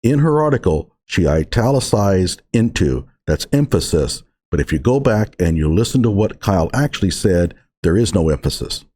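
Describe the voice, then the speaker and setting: A man's voice: sits low, sing-song, moderate pace, hardly any pauses, dark tone, a little hiss or hum. A man giving emphatic, sarcastic reaction commentary on an article he is reading through.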